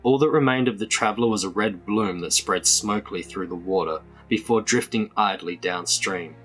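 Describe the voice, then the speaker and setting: A man reading a children's adventure book aloud in a measured storytelling manner. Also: on the low side, a bit bright, faint music behind. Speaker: storybook reader.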